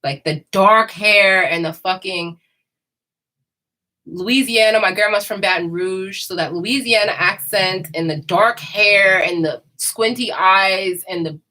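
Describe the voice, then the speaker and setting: Bright-voiced woman in rambling casual chat. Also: mid-range voice, slow pace, rough recording. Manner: candid, rambling, laughs often.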